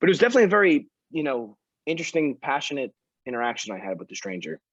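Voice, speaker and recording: A young man in a band tells an animated, laughing story in a casual chat. His voice sits at a middle pitch. The recording is dry and a bit dull. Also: rapid-fire, slightly rough, no echo. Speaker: band member.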